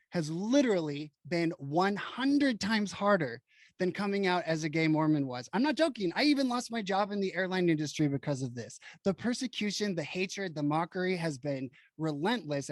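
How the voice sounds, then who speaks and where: Guy hosting a podcast, pretty high voice, tells stories all animated and blunt. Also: no echo. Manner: animated, emphatic, frank storytelling. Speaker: podcast host. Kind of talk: casual storytelling chat.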